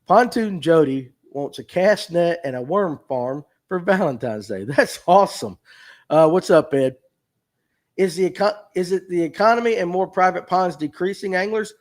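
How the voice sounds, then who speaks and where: A man's voice: high-pitched, animated, moderate pace. A man in his fifties with a North Georgia Southern drawl, hosting a fishing show and chatting folksily while reading out viewer comments. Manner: folksy, chatty, answers chat questions aloud. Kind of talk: casual livestream talk reading viewer comments.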